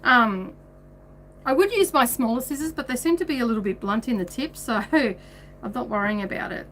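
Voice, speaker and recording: A woman hosting a casual craft tutorial from her home sewing room, chatty and quick to laugh. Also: on the high side, animated, fairly bright tone, slight background noise. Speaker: craft livestream host.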